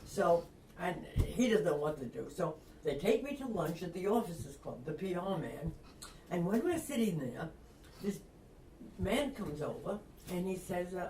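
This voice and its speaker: Older woman from long island spinning a yarn, low-ish voice, does the voices, laughs a lot, mic far off in an echoey room. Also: moderate pace, slight background noise. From Long Island, New York. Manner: lively, acts out quoted voices, laughs often. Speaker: interview guest, retired reporter. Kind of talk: anecdotal storytelling. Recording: roomy, distant mic.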